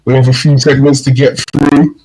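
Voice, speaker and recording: Husky-voiced animated male podcast host. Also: medium pitch, moderate pace, poor audio. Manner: animated storyteller, mimics slang phrases in quotes. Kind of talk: casual chat.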